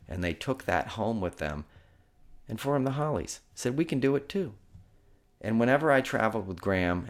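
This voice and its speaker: Deep-voiced man telling rambling stories. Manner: rambling, emotional, many restarts and digressions. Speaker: podcast host. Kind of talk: casual storytelling monologue. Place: home room.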